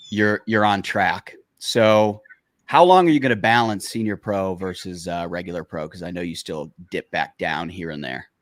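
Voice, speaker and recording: A man hosting a podcast interview, asking questions in a halting way with many fillers and restarts. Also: low voice, no echo. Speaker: podcast host.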